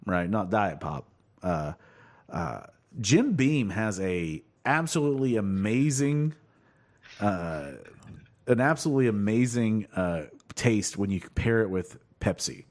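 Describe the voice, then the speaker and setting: A man's voice: lowish voice, expressive, a little slow, a little mellow. A man from the United States hosting a casual podcast chat, loose and jokey, swearing freely. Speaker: podcast host.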